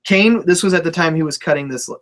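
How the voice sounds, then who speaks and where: A man's voice: a little high, fast, fairly bright tone. Laid-back swearing young man chatting. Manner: laid-back, swears freely, laughs a lot. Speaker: co-host of a wrestling talk show. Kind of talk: casual profane chat.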